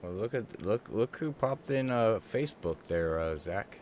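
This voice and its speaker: A man's voice: lowish voice, normal speed, slight background noise. A man commentating a sim race, laid-back but lifting when the racing heats up. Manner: laid-back, rises with excitement at race action.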